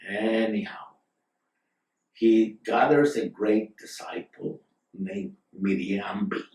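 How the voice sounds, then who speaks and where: A man's voice: lowish voice, slow, vocal fry, darkish tone. A man casually telling a long story in a rambling, digressive way, with fillers and side remarks, recorded from a distant mic in a roomy space. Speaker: storyteller, guest.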